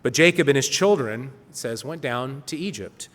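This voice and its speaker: A man's voice: medium pitch, animated, moderate pace, in a large hall. A man giving a sermon, reading scripture aloud with earnest, rising emphasis. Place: church hall.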